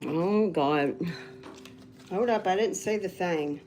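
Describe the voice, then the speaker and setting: A woman reading tarot cards on a casual livestream, rambling and getting loud when she's excited. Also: fairly low pitch, slow, a little hiss or hum. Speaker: tarot reader.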